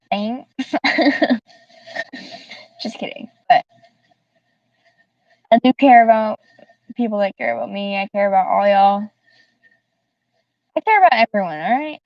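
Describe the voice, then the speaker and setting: A Southern US woman livestreamer greets her chat in a casual, chatty, giggly way. Her mid-range voice moves at a measured pace with long pauses. The dull, dry mic sits a bit far from her.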